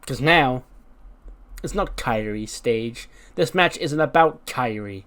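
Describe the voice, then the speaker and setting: Brief: scheming female wrestler, a man putting her on, grandiose and measured. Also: medium pitch, animated, fairly bright tone. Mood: scornful.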